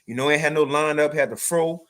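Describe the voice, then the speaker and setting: A young man giving a livestreamed spiritual testimony, telling the story in an animated, repetitive way with casual slang. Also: on the high side, fast talker. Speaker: spiritual teacher sharing a testimony.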